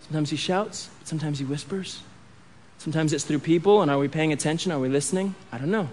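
High-voiced man preaching a sermon. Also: quick pace. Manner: expressive preaching, drops to a hush on key points; reads scripture aloud, acting out the dialogue. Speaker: pastor.

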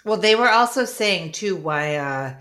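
Podcast co-host, woman, low-ish voice, chatty and animated. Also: measured pace. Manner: animated, acts out quotes with lots of "like". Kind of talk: casual chat.

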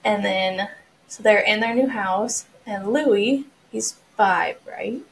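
A woman's voice: medium pitch, slow pace, a little hiss or hum, low-quality recording. A woman co-hosting a casual book chat, retelling scenes in a chatty way. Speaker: podcast co-host.

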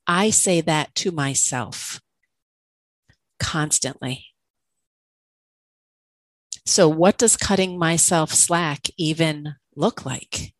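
A woman's voice: sits low, drawn-out words, long pauses, no room sound, rough recording. A woman co-hosting a podcast, a coach, talking candidly and questioning herself, with frequent laughter. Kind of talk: reflective conversational podcast talk.

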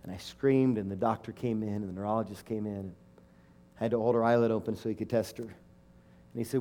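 A man's voice: fairly low pitch, fairly even intonation, fast talker, dark tone. A middle-aged man preaching a sermon and telling a personal story, emotional and emphatic, rising to fervent declarations.

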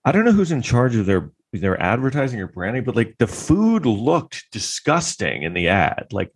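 A man's voice: medium pitch, big pitch swings, moderate pace, husky. A man giving casual, rambling commentary, full of filler words and sarcastic asides. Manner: sarcastic, incredulous. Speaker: vlogger giving trial commentary.

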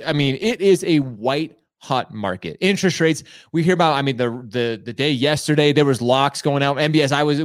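A male host runs a live business show with hyped energy and lots of restarts. His fairly high voice swoops up and down, and the sound is close and dry. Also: dry recording. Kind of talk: enthusiastic live show hosting.

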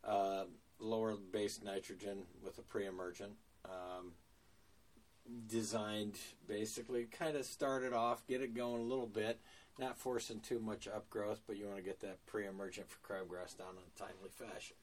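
A man talks shop on a podcast in a deep, unhurried voice. He's plain-spoken, with lots of ums and restarts. His voice sits slightly away from the microphone. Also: recorded from a distance. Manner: relaxed, plain-spoken, many fillers. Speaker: lawn care business owner. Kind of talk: casual podcast conversation.

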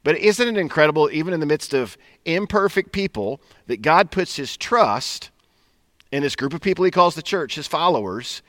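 Man, pastor's sermon, bright forceful voice, dry close sound. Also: on the high side, expressive, normal speed, no echo. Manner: conversational, folksy preaching with frequent "right?".

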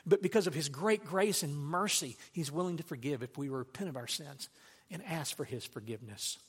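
An earnest male pastor preaching a sermon, pressing his point with questions. His voice sits a little high for a man. It rings out with a long hall reverb. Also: a little fast, slightly rough. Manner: earnest preaching with rising storytelling.

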